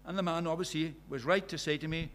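A middle-aged British preacher delivers a sermon in a slightly raised voice, fast and fairly even in intonation, with a fairly high, bright tone. He tells stories, acts out the dialogue of the people in them, and then presses listeners with rhetorical questions.

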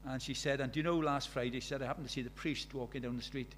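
A man's voice: medium pitch, steady tone, fast, slight background noise. An older man, preaching a sermon in a conversational way, full of rhetorical questions.

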